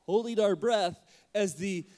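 A man in his forties, a pastor, preaching an Easter sermon with lively storytelling and jokes. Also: sits high, a little slow. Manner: animated, acts out crowd voices and jokes. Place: church auditorium.

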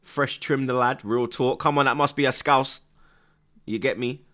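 A man's voice: mid-range voice, steady tone, moderate pace, a bit bright. A young man hosting a football watchalong stream, reading out viewers' comments and peppering his chat with slang like "blood" and "you get me". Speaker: livestream host.

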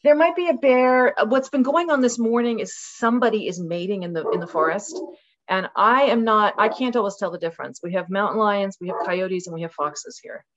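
A woman's voice: medium pitch, brisk, lo-fi sound, crowd noise. A woman guest author talking casually and animatedly in an interview over a video call from her rural home. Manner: animated, acts out voices with laughs.

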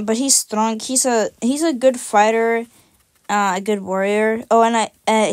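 A woman's voice: medium pitch, slight background noise. A woman on a video channel casually describing her drawn cat characters, rambling and self-deprecating, with many fillers and some casual swearing.

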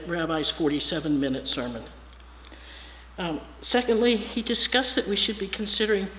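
A guest preacher reading a storybook aloud and then preaching an earnest, measured sermon built on pointed lists. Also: medium pitch, fairly bright tone. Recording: echoey hall, faint hiss.

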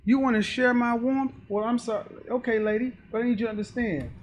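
A man's voice: very high voice, steady tone, fast. A man playing a dry, businesslike man. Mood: dismissive. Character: man coolly turning a woman away.

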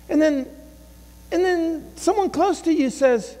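Impassioned pastor preaching in a reverberant hall. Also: male voice, very high-pitched, lively intonation, normal speed, pauses often, dark tone. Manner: impassioned, acts out inner voices, repeats phrases. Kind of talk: sermon. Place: church sanctuary.

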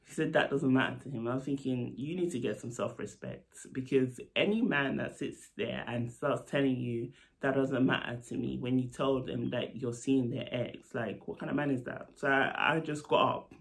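A man, a nurse, telling a story in a casual, animated vlog. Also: medium pitch, normal speed, gravelly. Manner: animated, lively retelling with asides. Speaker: storytelling vlogger.

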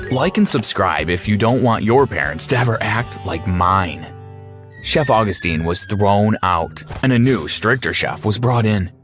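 A man narrating a scripted animated story in a wry, sardonic way. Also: on the low side. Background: faint music.

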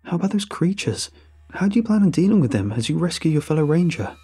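A man voicing a cautious male officer who speaks in a measured, doubtful way. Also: fairly high pitch, big pitch swings, mellow, husky, soft background music, voice pushed up.

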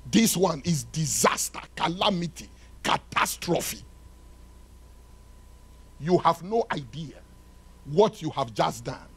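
A male pastor preaching a sermon in a church, swinging from loud shouted lines to hushed ones and acting out little dialogues. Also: fairly high pitch, animated, slow, long pauses, slightly rough. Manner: acts out dialogue between lovers.

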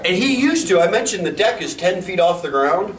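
A man hosting a convention panel, telling a funny dog story with loud sound effects and laughter. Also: sits high, big pitch swings, fairly quick, a loud crowd. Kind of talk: humorous anecdote on a panel. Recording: echoey hall, distant mic, room noise.

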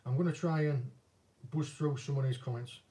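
A man's voice: mid-range voice, fairly even intonation, moderate pace, dark tone. A man with a northern English accent, chatting casually and self-deprecatingly as an angling vlogger answering viewer questions. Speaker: angling vlogger and former commercial fisherman. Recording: voice a bit distant from the mic.

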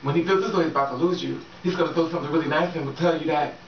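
Very fast and deep-voiced, a woman talks straight to her viewers about relationships, cursing freely and laughing often. The audio comes from an echoey room through a distant, dull mic, with faint noise behind.

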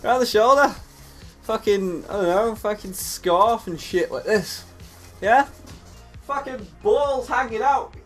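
Young guy, high-ish voice, profane animated comedy rant to camera. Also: a little slow, soft background music. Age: young adult. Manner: animated, sweary, acts out scenes. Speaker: comedy vlogger.

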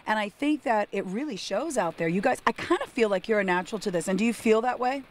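A woman's voice: medium pitch, expressive, fast talker. A woman hosting an interview at a racing event, bubbly and enthusiastic, sitting in the back seat of a car. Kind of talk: casual interview.

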